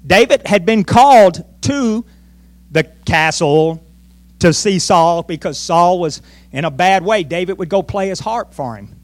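A man's voice: high voice, a little slow, dry recording. A male pastor preaching a sermon in church, telling a story with lots of energy and acting out the voices. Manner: animated storytelling, acts out voices.

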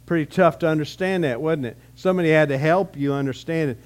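A man's voice: on the high side, fast talker. A man pastor preaching a sermon in a conversational way, with rhetorical questions and frequent restarts.

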